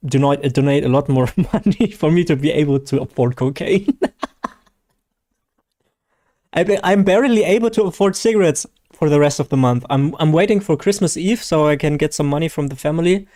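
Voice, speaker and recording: A man's voice: on the high side, fast talker, dark tone, no echo, clean studio sound. A man from Germany with a German accent, hosting a casual live gaming stream, hesitant and self-deprecating with many fillers and restarts.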